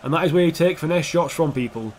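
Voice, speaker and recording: A young man giving casual, foul-mouthed commentary over his own football video game, switching between calm play-by-play and heated rants. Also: a little high, quick pace, slight background noise. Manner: swears a lot, swings from calm play-by-play to heated outbursts. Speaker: gaming YouTuber.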